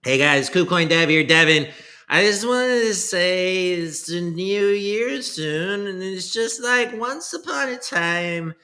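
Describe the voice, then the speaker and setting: A man doing a whiny high-pitched crypto dev. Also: lively intonation, bright, forceful tone, heavily acted. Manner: drawling, slow and rambling, petulant. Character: whiny nasal young male crypto developer.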